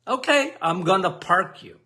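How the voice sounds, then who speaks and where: A man's voice: high-pitched, lively intonation, a little slow, pushed and bright, exaggerated voice. A man voicing insulin as a chatty, matter-of-fact male parking attendant. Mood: bossy, chatty.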